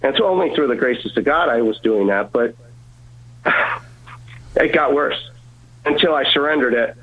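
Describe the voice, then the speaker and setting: A man's voice: medium pitch, lively intonation, unhurried, fairly bright tone, rough recording. A male guest earnestly telling a personal faith story, repeating words and acting out the voices of people in it.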